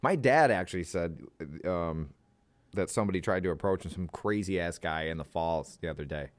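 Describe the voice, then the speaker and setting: A man's voice: low-pitched, moderate pace, no echo. A man co-hosting a podcast in casual chat, rambling and trailing off, swearing and laughing.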